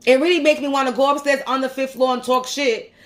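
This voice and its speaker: A woman's voice: sits high, steady tone, fast. A woman vlogger, ranting angrily and profanely, repeating her points. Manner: heated, profane, repeats herself. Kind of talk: angry rant to camera.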